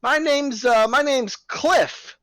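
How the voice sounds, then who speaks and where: A man's voice: very high voice, fairly bright tone, no room sound, pitched above the performer's own voice, full character voice, low-quality recording. A man voicing a short, fat circus ringleader who talks like a pushy, eager showman in a tabletop game. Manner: fast-talking, wheedling salesman patter.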